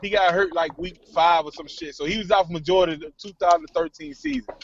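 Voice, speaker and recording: A man's voice: high voice, fast talker, highs cut off, a crowd in the background. A man calling into a sports talk show, laid-back, explaining at length. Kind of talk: casual sports chat.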